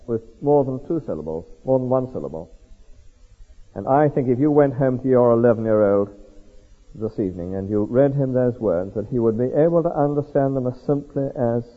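Animated male preacher in an echoey hall. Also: medium pitch, normal speed. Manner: animated, asks the audience rhetorical questions. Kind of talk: expository sermon. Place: large hall before a congregation. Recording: echoey hall on a tinny lo-fi line.

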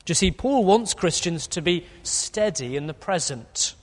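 Man, thirties, earnest expository sermon, fairly high voice, long church reverb. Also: lively intonation, normal speed. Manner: earnest expository preaching with a few fillers. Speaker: preacher.

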